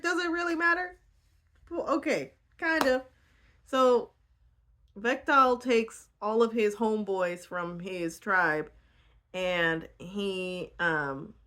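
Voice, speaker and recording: A woman casually retelling a book, animated and indignant, laughing easily. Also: medium pitch. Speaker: book vlogger.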